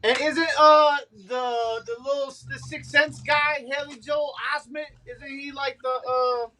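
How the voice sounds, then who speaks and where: A man co-hosting a casual group chat, talking in an excitable, rambling way. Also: very high-pitched, a little slow, low-quality recording. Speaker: co-host.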